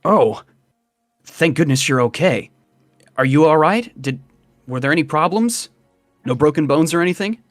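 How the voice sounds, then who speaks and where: A man's voice: fairly high pitch, expressive, moderate pace, long pauses, no room sound, clean studio sound, soft background music, lightly acted. A man voicing a flustered young male tiefling magician who stammers and frets over whether everyone is safe. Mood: worried. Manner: worried, stammering, fussing over others.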